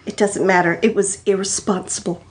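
A woman's voice: mid-range voice, fairly even intonation, brisk, lightly acted. A woman reading as a huffy space princess. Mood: indignant. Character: prim indignant space princess. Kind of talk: comic fan fiction read-aloud.

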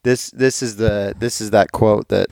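A man's voice: on the low side, fairly even intonation, unhurried, gravelly, darkish tone, no echo, clean studio sound. A man hosting a podcast, chatting casually and enthusiastically, often rambling and correcting himself. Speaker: podcast host.

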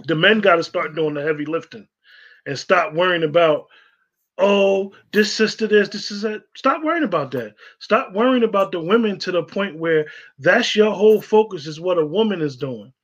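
A man's voice: high voice, animated, fairly quick, a bit bright. A man co-hosting a casual online discussion, talking emphatically and repeating himself for stress. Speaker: co-host. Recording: dull lo-fi sound.

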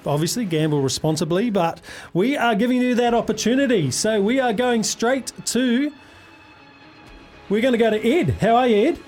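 A man's voice: very high voice, normal speed, darkish tone, faint music behind. A man hosting a radio sports quiz, chummy and upbeat, calling callers mate. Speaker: radio sports show host.

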